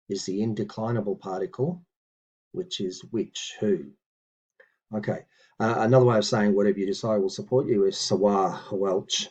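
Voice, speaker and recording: A man teaching a language lesson in a relaxed, patient way, slowly reading out practice phrases between reassuring asides. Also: lowish voice, husky, muffled recording.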